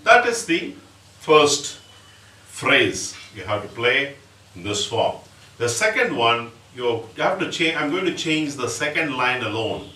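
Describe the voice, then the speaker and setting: Man, Indian English accent, percussion teacher, patient step-by-step explanation, unhurried, echoey room, noisy recording. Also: medium pitch, sing-song. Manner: patient, explains step by step, recites drum syllables slowly. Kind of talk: music lesson with spoken rhythm syllables. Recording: roomy, distant mic, audible background noise.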